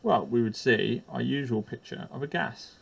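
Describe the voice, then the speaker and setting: A man's voice: medium pitch, moderate pace, vocal fry, slightly rough. A man explaining a chemistry lesson for teachers while drawing, hesitant with frequent ums and uhs and the odd self-deprecating aside.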